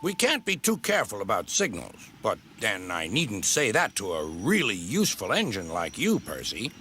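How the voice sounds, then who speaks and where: A man's voice: lowish voice, huge pitch swings, moderate pace, bright, forceful tone, slight background noise, exaggerated voice. A man voicing a proud, grumpy big express engine who grumbles pompously. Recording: background music.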